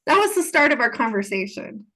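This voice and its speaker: Brisk and a touch bright, this adult podcast host's somewhat high voice swings widely in pitch. A healing coach on her solo show, she talks casually but earnestly about healing and repeats phrases to drive points home.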